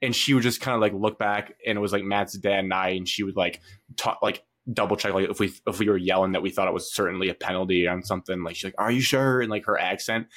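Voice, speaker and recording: A young man co-hosting a sports podcast, telling an animated story in casual chat, full of fillers. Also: low-pitched, fast. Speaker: podcast co-host.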